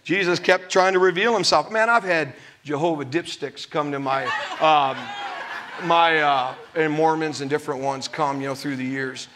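A man's voice: a little high, fairly even intonation, normal speed, sharp tone, a little hiss or hum. A middle-aged male pastor preaching a sermon to his congregation, laughing often and acting out voices from scripture.

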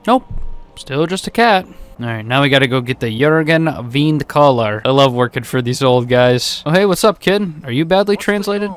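A man's voice: mid-range voice, animated, moderate pace. Sarcastic young man narrating a game. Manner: sarcastic, swears, jokes at the game. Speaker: gaming YouTuber. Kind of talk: let's-play commentary.

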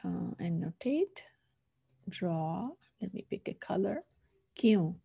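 A woman's voice: lowish voice, expressive, takes it slowly, gravelly, warm tone, breathy edge, dry recording, studio quality. A woman with a Punjabi accent, a teacher patiently explaining a lesson step by step. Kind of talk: recorded online lesson.

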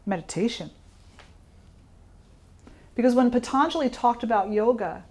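A woman yoga teacher giving an informal teaching talk, speaking in a calm, reflective way and putting questions to her listeners. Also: medium pitch.

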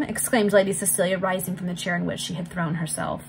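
A woman reading a Victorian novel aloud in a steady, clear, measured voice. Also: on the low side, a little hiss or hum, poor audio. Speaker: volunteer reader.

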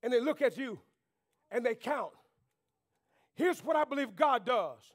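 A man preaching a sermon to his church. He calls on the congregation to talk back, rising to shouts and dropping to near whispers. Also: extremely high pitch, expressive, unhurried. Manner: preaching with call-and-response, swings between shouting and quiet. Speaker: pastor. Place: church sanctuary.

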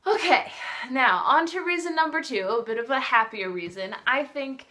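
A woman's voice: high-pitched, lively intonation, normal speed, sharp tone. Gushing woman reviewing a favorite book. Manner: gushing and emotional, chatty. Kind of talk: casual vlog review.

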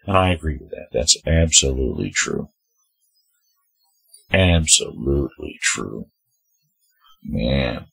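A man's voice: extremely low pitch, big pitch swings, takes it slowly, gravelly, pauses often, fairly bright tone, slightly rough, dry recording, soft background music. A man hosting his own opinion vlog. He reads social media posts aloud and answers them in a heated, preachy way, speaking straight to the people he names. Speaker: channel host.

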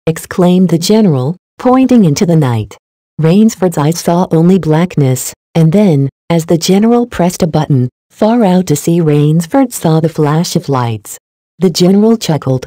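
Low-voiced woman narrating a story. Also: lively intonation, moderate pace, mellow, dry recording. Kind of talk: scripted narration.

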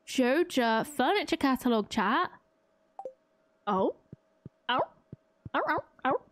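A woman's voice: high-pitched, expressive, slow pace, fairly bright tone. A young woman streaming a farming game, gushing and self-mocking as she chats to her viewers. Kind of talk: excitable live-stream commentary.

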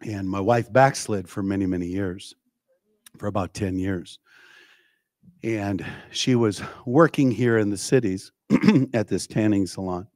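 A man's voice: medium pitch, no echo. A man preaching a revival sermon, telling a story with frequent call-outs to the congregation. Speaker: evangelist preacher. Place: church.

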